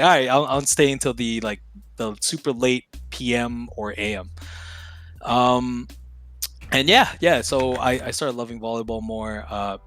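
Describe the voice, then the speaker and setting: A man's voice: medium pitch, a bit bright. A young man in his twenties, a streamer on a podcast, telling stories in a loose, slangy, profane way and laughing between phrases. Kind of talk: casual storytelling chat.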